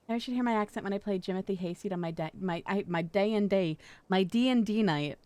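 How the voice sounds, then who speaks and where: A woman's voice: medium pitch, brisk, few pauses, darkish tone, no room sound. A woman streamer chatting casually and playfully while reading through a game, sometimes whining in mock pleading. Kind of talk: casual livestream chat while reading a visual novel.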